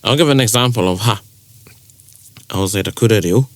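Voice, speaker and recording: A man with a New Zealand accent co-presenting a casual podcast, explaining things in a relaxed way with spoken examples. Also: on the low side, racing, noisy background.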